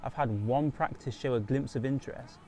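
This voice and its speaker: A man's voice: medium pitch, a little fast, dark tone. A young man narrating a reflective vlog voice-over about building his business, earnest and self-critical. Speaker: aspiring marketing agency owner. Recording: music bed under voice.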